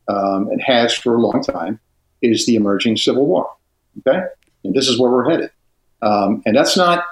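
Older male guest, middle-pitched, emphatic and intense, recorded with a roomy echo. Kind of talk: casual chat.

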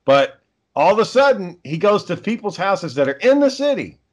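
A man's voice: sits high, sing-song, normal speed, highs cut off. A man in a casual chat, blunt and teasing, swearing freely.

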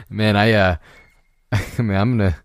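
Man, very low voice, casual solo podcast host, halting and rambling, dry close recording. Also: animated, dry recording. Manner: rambling, halting, with frequent restarts and laughs. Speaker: podcast host reviewing a book.

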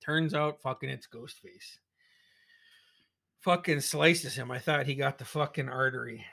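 A man recapping a horror movie in casual chat, excitable and profane, acting out his own reactions. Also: medium pitch, a little slow, gravelly, dry recording, clean studio sound. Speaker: movie reviewer.

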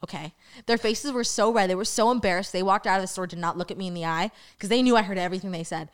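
A young woman from Staten Island, co-hosting a podcast and telling stories in a lively, casual way full of "like"s. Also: mid-range voice, clear, resonant tone. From Staten Island, New York. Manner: animated, quick storytelling with many "like"s. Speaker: podcast co-host. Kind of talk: casual storytelling chat.

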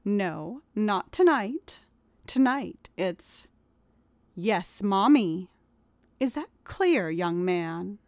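A woman putting on a 1950s housewife with a stern, teasing edge who gives firm, slow commands. The delivery is unhurried and the sound is dry and close. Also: mid-range voice, expressive, a little mellow, dry recording.

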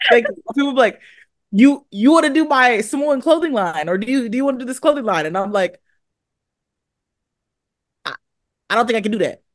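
A woman's voice: fairly high pitch, fairly quick, long pauses, dry recording, clean studio sound. A young woman, born in Hawaii and raised in California, chatting as a guest in a casual interview and acting out the voices of the people in her stories. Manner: animated storyteller, acts out quoted voices. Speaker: guest athlete.

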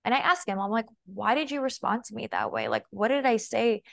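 Chatty young woman with a gravelly edge. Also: fairly high pitch, huge pitch swings, brisk, fairly bright tone. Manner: chatty, heavy use of "like", quotes herself and her partner. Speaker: guest, femininity and body language coach. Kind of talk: casual podcast interview.

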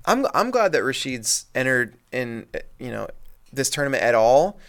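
Gravelly guy on a sports pod, rambles with lots of "like" and "you know". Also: mid-range voice, very animated, moderate pace, fairly bright tone. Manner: rambling, many fillers and restarts. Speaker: podcast co-host. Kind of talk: casual sports chat.

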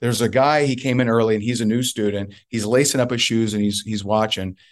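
A man's voice: fairly low pitch, steady tone, brisk. A man being interviewed as a guest, telling a story emphatically and repeating points for effect. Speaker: guest, network marketer.

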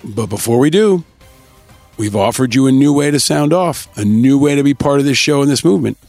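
A man hosting a podcast, upbeat as he reads out shout-outs and thanks to listeners in a casual scripted way. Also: mid-range voice, expressive, brisk, no echo, soft background music. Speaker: podcast host.

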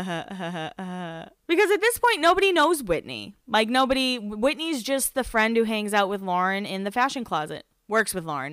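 Woman podcast host rambling through a recap, smooth clear voice, lots of likes, dry close sound. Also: mid-range voice, fairly bright tone, dry recording. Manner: chatty, lots of "like" and restarts. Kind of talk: casual recap chat.

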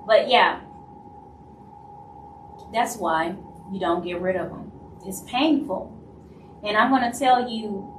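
A woman from Louisiana with a Louisiana Southern accent, hosting a live stream in casual talk and acting out other people's lines in quick asides. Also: medium pitch, background noise. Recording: roomy echo, voice from a distance, faint ambience.

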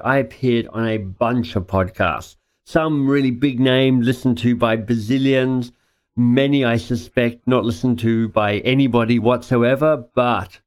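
Enthusiastic man hosting a podcast. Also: medium pitch. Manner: enthusiastic, gushing, joking. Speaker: podcast host. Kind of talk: casual interview.

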